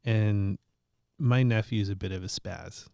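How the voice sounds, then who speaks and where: A man's voice: lowish voice, a little slow, gravelly, no room sound, clean studio sound. A man hosting a casual chat show, telling stories with lots of laughter and the odd curse. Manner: animated storyteller, swears, laughs often. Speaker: podcast host.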